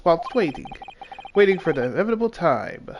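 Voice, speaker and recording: A man's voice: high voice, sing-song, brisk, slight background noise. A man reading aloud as a pompous, eccentric male detective, theatrical and grandiose, stumbling over words now and then. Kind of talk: reading game dialogue aloud.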